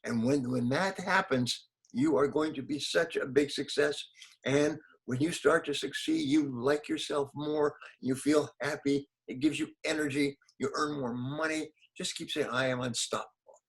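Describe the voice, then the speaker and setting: A man's voice: on the high side, fairly even intonation, a little slow, creaky, poor audio. Emphatic older man giving motivational advice. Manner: emphatic, repeats key phrases, acts out quotes. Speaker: interview guest, motivational speaker. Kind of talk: conversational interview answers.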